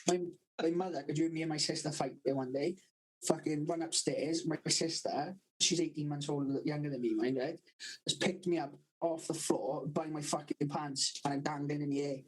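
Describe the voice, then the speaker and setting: A young Welshman from the South Wales Valleys co-hosts a podcast, swearing constantly and laughing through his stories in casual chat. His voice is fairly high and steady at a normal speed, though the audio quality is poor.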